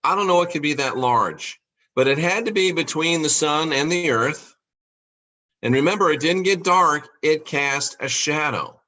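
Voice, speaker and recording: A man hosting a podcast, talking through scripture in a monologue, repeating key lines and slowing down to stress words. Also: on the high side, bright, forceful tone. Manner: rhetorical questions, emphatic repetition. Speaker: podcast host.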